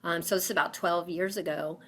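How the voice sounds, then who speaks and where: Bright, animated woman telling her story. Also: lowish voice, brisk. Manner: animated, lots of fillers, acts out quoted voices. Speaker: guest. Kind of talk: storytelling in an interview.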